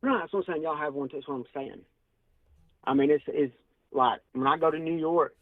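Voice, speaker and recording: A man with a heavy Southern US accent who calls in to a live stream. He talks fast, folksy and combative. He comes through a tinny, dry phone line with no room sound around him. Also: fairly high pitch, steady tone, dry recording. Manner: folksy and combative, says "y'all" and "do what?".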